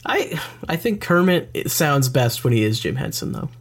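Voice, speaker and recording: A woman co-hosts a loose, joking podcast, her pitch moving up and down all the time. She swears offhandedly and adds deadpan quips to her co-host's points. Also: normal speed, gravelly, husky. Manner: swears casually, animated and joking. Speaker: podcast co-host. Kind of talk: casual chat.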